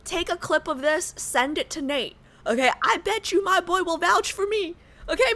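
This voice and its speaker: An American woman streaming a game, chatting casually with her viewers in an animated, joking way. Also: very high voice, normal speed, few pauses. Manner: animated, joking, talks to chat. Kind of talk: casual livestream chat.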